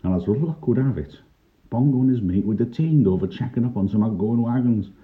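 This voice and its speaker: An older man, telling a childhood story in a wry, dry-humoured first-person way. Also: fairly low pitch. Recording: tinny lo-fi narrow-band recording.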